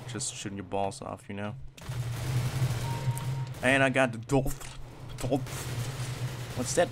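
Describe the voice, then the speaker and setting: A young man commentating his own gameplay, wired on energy drinks, swearing and swinging between loud outbursts and low mutters. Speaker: gaming channel host.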